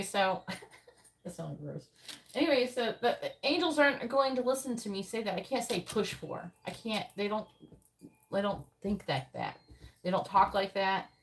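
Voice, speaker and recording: A woman's voice: medium pitch, slight background noise, low-quality recording. A woman doing a live-stream tarot reading, talking bluntly and swearing often as she explains how to word questions. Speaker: psychic tarot reader.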